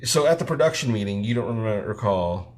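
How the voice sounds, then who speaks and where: A man's voice: fairly low pitch, expressive, quick pace, a little mellow. Guy co-hosting a live stream, jokey and teasing, voice bouncing all over. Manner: teasing, joking. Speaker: artist and co-host of a live stream. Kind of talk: casual live-stream banter while drawing.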